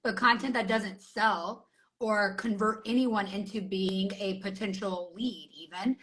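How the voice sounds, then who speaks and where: A woman hosting a podcast as a business coach, talking upbeat and persuasively in quick bursts. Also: mid-range voice, steady tone, a crowd in the background, rough recording. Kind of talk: podcast conversation with a sales pitch.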